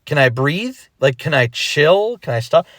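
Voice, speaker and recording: A man's voice: fairly high pitch, no echo. Emphatic young man, dry close sound. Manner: animated, emphatic, repeats himself, acts out quick imagined thoughts. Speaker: rapper explaining his retirement. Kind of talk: casual vlog monologue.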